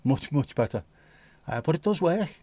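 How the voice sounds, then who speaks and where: A man's voice: on the high side, expressive, moderate pace, dark tone, no room sound. A man with a Scouse accent hosting a livestream, chatting casually in a rambling, jokey, sweary way. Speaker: livestream host. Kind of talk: casual chat.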